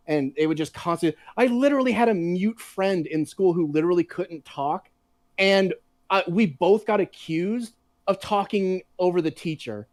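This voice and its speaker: A man chatting casually on a podcast, telling animated, profanity-laced stories. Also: a little high, moderate pace, no room sound. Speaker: podcast co-host. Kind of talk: casual chat.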